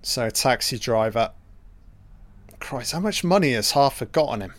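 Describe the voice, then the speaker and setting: Male film commentator, unhurried and crude, dry close sound, chatty reactions. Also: medium pitch, lively intonation, no echo. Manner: profane, chatty reactions to the screen. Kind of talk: casual film watch-along commentary.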